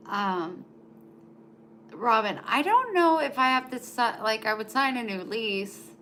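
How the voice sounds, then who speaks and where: A woman's voice: a little high, big pitch swings, measured pace, noisy background. A woman chatting casually on a live stream at home, talking to viewers and cooing to her dog in baby talk. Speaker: vlogger.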